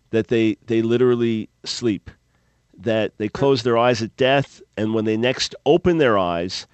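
A man hosting a call-in radio show, answering Bible questions in a measured, explanatory way. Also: on the low side, dry recording. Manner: measured, explanatory, thoughtful pauses. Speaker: radio talk show host.

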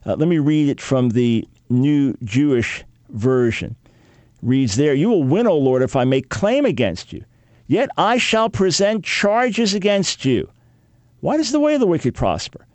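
An older man in his sixties teaching a sermon, reading Bible verses and acting out dialogue with God in an animated way. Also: on the high side, normal speed, no room sound.

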